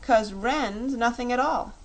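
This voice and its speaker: Storybook little boy, terse, curt, higher voice, played by a woman. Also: takes it slowly. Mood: blunt.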